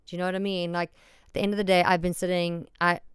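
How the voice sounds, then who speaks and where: A woman's voice: on the low side, flat delivery, fast talker, clear, resonant tone. A woman hosting a solo podcast, talking candidly and emphatically, often repeating herself and swearing freely. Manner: frank and self-deprecating, swears freely. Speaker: podcast host.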